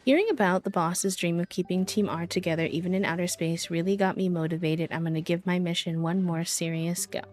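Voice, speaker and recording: A woman voicing a lazy, scheming villain gang member from a game, reading in a quiet, sly, offhand way. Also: fairly low pitch, steady tone, a little fast, hardly any pauses, soft background music, lightly acted. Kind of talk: reading game dialogue aloud.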